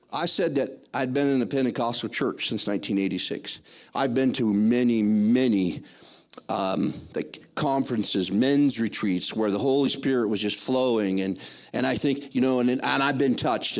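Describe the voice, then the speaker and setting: An older man giving a spoken testimony in church, rambling and excitable, with many restarts. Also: mid-range voice.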